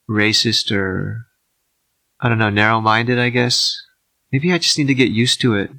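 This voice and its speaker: Soft-spoken man, dry close mic. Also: no echo. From United States, outside the South. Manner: slow, low-key rambling with wry asides. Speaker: podcast host. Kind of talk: soft-spoken ASMR podcast monologue.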